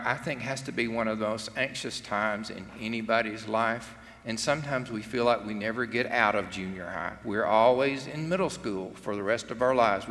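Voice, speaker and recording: A man's voice: medium pitch, a bit bright. A middle-aged man, preaching an earnest, conversational sermon and acting out quotes. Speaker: pastor. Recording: long hall reverb.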